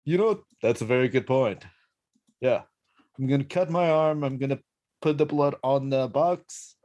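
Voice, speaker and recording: A man's voice: mid-range voice, normal speed, darkish tone, lo-fi sound. A man playing in a tabletop role-playing game, laid-back and slangy, swearing casually. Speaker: player.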